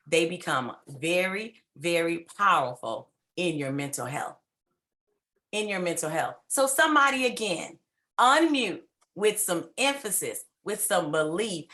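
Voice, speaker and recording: A woman's voice: mid-range voice, bright, forceful tone. A woman giving a fervent, preacher-like motivational talk, coaxing listeners on a video call. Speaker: speaker at a women's symposium.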